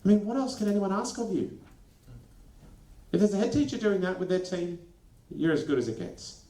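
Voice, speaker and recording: A man presenting a lively workshop to school leaders, animated and acting out quick snippets of dialogue. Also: high voice. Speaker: education consultant presenting a workshop. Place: training venue. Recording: echoey room.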